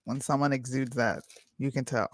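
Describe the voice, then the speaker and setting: A man's voice: mid-range voice, fairly even intonation, dry recording. Dry-voiced chatty male stream host. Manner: chatty, opinionated, quick to laugh. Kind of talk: casual live-stream chat.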